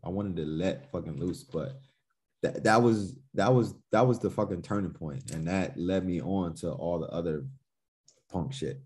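Laid-back and loose, a podcast guest, a musician from Newark, New Jersey, tells stories while swearing freely and reenacting his past reactions. His voice sits low and is a little mellow, at a moderate pace.

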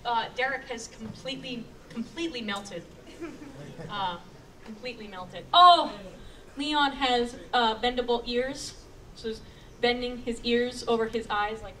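High-voiced playful woman hosting a panel. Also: measured pace. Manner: playful, animated, often laughing. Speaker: convention panel host. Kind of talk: live panel commentary to an audience. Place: convention panel room with audience. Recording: distant camera, crowd noise.

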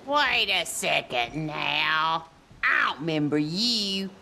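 A woman's voice: low voice, sing-song, takes it slowly, creaky, pushed and bright, slight background noise, exaggerated voice. An actress voicing a mean, foul-mouthed old rural grandmother who hurls insults and threats, with a harsh, scolding voice. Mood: angry. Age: older. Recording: game audio with music behind.

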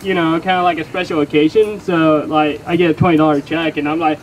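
A man's voice: on the high side, steady tone, fast talker, a little hiss or hum, poor audio. A young man with a Texan accent doing a rambling, profane stand-up set in front of a live crowd, full of fillers and self-mocking asides. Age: young adult. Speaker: stand-up comedian. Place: comedy venue with live crowd. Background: audience laughing.

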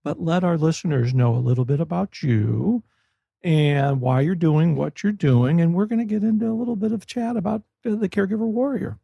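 A man's voice: a little high, brisk, vocal fry, slightly rough, no room sound, dull audio. A man hosting a podcast, chatty and enthusiastic, laughing often as he talks with a guest. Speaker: podcast host. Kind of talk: casual podcast interview. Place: Florida.

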